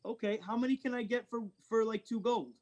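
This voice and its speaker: A man's voice: very high-pitched, steady tone, brisk, darkish tone. A man playing a tabletop game, playful and hesitant, sometimes speaking as his character. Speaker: player.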